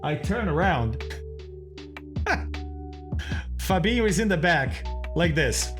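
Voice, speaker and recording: A man's voice: fairly high pitch, sing-song, slow, over music. A man, a streamer animatedly commenting on his own talk and laughing often. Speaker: streamer and flight sim host.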